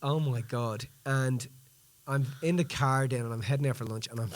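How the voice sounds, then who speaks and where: Man, podcast co-host, casual storytelling chat, animated and rambling, mid-pitched voice. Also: fairly quick, a little hiss or hum.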